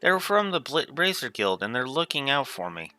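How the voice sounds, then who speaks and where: A man's voice: mid-range voice, sing-song, normal speed, pushed and bright. A man voicing an upbeat young girl mechanic in a game, talking eagerly and politely.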